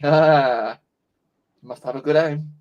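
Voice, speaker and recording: A man's voice: a little high, fairly even intonation, slow, muffled recording, slight background noise. A man in casual chat with friends, laughing a lot and giving brief reactions. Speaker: channel host, co-chatting.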